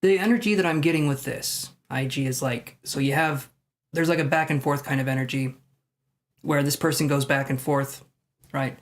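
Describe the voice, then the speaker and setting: A man with a slightly high voice hosts a live tarot stream. He rambles, thinks aloud and pokes fun at himself while reading cards for his viewers. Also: fairly even intonation, normal speed. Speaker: tarot reader.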